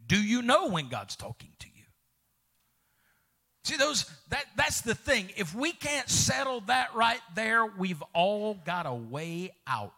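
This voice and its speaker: A man pastor, preaching a fervent sermon, calling out to the congregation, with sudden shouts and soft drops. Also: sits high, big pitch swings, a little slow, vocal fry. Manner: calls out to congregation.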